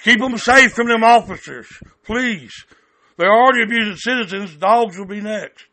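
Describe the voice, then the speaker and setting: A man's voice: high-pitched, normal speed, sharp tone. A man on a heated phone call, blunt and angry, stammering and cursing as he complains. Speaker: caller, activist recording his calls.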